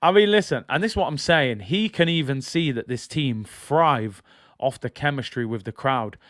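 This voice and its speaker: A man's voice: mid-range voice, animated, moderate pace, a bit bright, dry recording, clean studio sound. A man hosting a football channel, giving casual fan commentary in a chatty, incredulous way and often apologizing.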